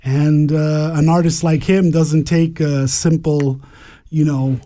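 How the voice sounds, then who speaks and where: Guy rambling on a radio show, warm mellow tone, keeps repeating himself. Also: on the high side, little pitch movement, takes it slowly, no room sound, clean studio sound. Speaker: guest. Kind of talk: casual radio chat.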